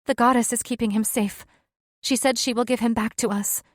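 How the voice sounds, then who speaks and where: A woman's voice: fairly even intonation, a little fast, no echo, studio quality, close to an everyday voice. A woman voicing a frantic young female wolf-shifter in an audiobook. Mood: pleading. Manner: high, pleading and urgent.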